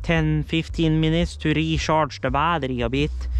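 A man's voice: on the high side, fairly even intonation, normal speed, clean tone. A tired man streaming himself as he works on his car, chatting casually and swearing a lot as he rambles through what he is doing. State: tired, yawning. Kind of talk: casual livestream chat while doing car repairs.

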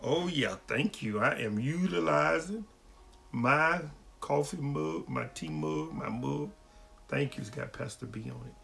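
A man's voice: mid-range voice, big pitch swings, a little slow, vocal fry, a bit bright, faint music behind. A man, a pastor hosting a livestream question-and-answer session and greeting viewers by name in a folksy way. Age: adult, married.

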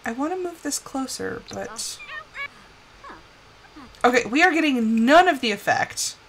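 A young woman giving casual live commentary on a life-sim game, chatty and scolding her characters with bursts of excitement. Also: high voice, unhurried, slight background noise, rough recording.

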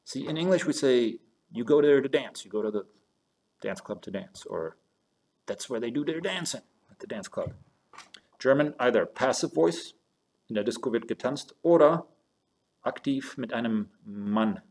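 A man's voice: mid-range voice, animated, normal speed, a little mellow. A man teaching a German lesson, explaining step by step and spelling words out as he moves between German and English. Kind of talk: recorded online lesson. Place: home office with a squeaky chair.

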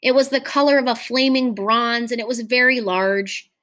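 Teacher lady reading a short story out loud, slightly high voice, calm and expressive. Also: normal speed.

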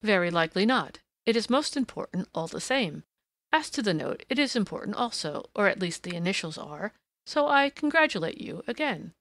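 Lady reading a dry teasing detective guy, drawly, kinda gravelly, dead dry sound. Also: medium pitch, big pitch swings, moderate pace, a bit bright, dry recording. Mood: cool. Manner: ironic, drawling. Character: sharp-witted male detective, dry and teasing. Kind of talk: audiobook character reading.

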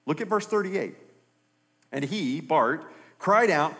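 An American pastor delivers an animated sermon, his voice high and swinging widely in pitch. He acts out bible characters in raised voices. The sound rings with the long reverb of a church hall. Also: takes it slowly.

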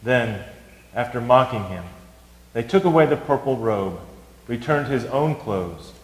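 A man reads scripture at a church service in an even, deliberate manner. His voice sits at a middle pitch. The church adds a long, roomy echo. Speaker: scripture reader. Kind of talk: liturgical scripture reading. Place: church sanctuary. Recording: echoey church hall.

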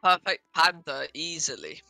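Very bright, high-pitched teasing young man. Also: very animated, unhurried, no echo, faint music behind. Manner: teasing, playful. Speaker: gaming friend. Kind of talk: casual gaming banter.

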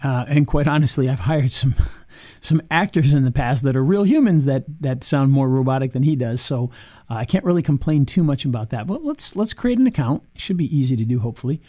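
A man casually reviewing software on screen, chatty, with frequent ums and restarts. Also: medium pitch, animated, brisk, dry recording, studio quality. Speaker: video marketing reviewer.

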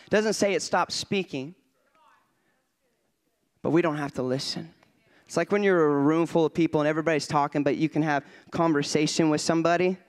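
A male guest preacher in a church, telling a personal story quietly and then shouting his sermon with rising fervor. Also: a little high. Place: church sanctuary.

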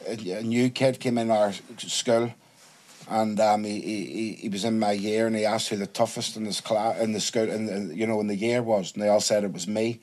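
A man's voice: lowish voice, normal speed. A man guesting on a casual podcast, telling school stories with lots of swearing and acted-out voices. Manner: animated storytelling, swears freely, acts out quoted voices.

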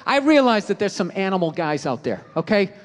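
Ranting profane stand-up comic. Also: male voice, high voice, sing-song, fairly quick. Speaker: stand-up comedian. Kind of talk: stand-up comedy. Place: comedy stage before a live audience. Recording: reverberant live venue with crowd noise.

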